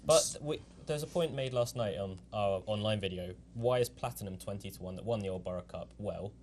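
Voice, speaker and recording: An easygoing man talking about betting odds in a casual racing chat, quick to laugh. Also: fairly low pitch, a little mellow, slight background noise. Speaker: racing pundit.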